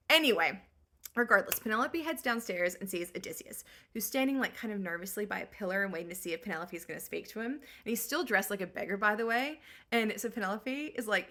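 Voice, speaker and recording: A woman's voice: medium pitch, bright, forceful tone. A woman hosting a comedic story recap, chatty and full of sarcastic asides. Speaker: host.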